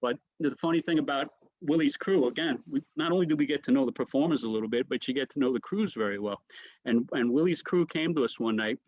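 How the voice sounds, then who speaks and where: A man's voice: mid-range voice, fast, darkish tone, dry recording, dull audio. A man, a comedian guest, telling rambling stories and mimicking the voices of others. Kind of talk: storytelling anecdotes.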